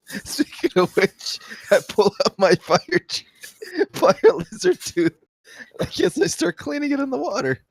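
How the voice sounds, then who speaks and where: Brief: a goofy giggling player at a tabletop game, lively pitch, dry close sound. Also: slow, long pauses, breathy edge, dry recording. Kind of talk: tabletop role-play.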